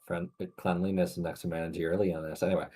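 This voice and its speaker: A man with a Philadelphia accent, co-hosting a livestream in casual, deadpan banter. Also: sits low, fast talker, slightly rough. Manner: deadpan, playfully confused. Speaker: co-host.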